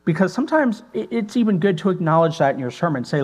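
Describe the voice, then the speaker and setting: A man's voice: high-pitched, very animated, fast, few pauses, husky. A male pastor giving a conversational teaching to preachers, thinking aloud with many rhetorical questions and fillers. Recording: long hall reverb with mains hum.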